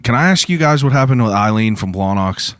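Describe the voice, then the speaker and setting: A man's voice: mid-range voice, lively intonation, a little fast, a bit bright, smooth, no echo. Podcast host guy, chill, swears a bunch, dry room. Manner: loose, swears casually, reacts with short remarks. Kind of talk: casual podcast interview. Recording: dry studio sound.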